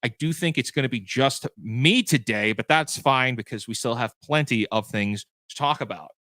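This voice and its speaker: Male game master hosting a livestream recap; bright, forward voice, loose and chatty with frequent restarts. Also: medium pitch, normal speed, no echo. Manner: chatty, self-correcting, answers viewer questions. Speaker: game master and show host. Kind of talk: livestream post-show chat.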